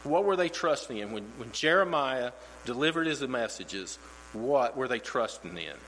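Guy teaching bible study, bright voice, long echoey hall, faint hum behind, kinda rambly. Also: medium pitch, sing-song, moderate pace. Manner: conversational, repeats words when restarting. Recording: reverberant hall with mains hum.

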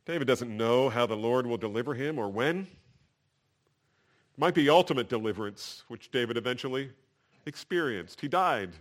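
A man's voice: medium pitch, expressive. Emphatic male preacher. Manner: emphatic preaching, swelling louder and slower on key phrases. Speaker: pastor. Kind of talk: sermon.

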